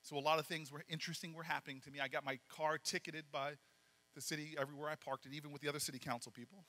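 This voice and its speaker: Man, high bright voice, animated storyteller, banquet speech, reverberant hall. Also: rapid-fire. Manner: animated storyteller acting out dialogue. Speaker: political speaker.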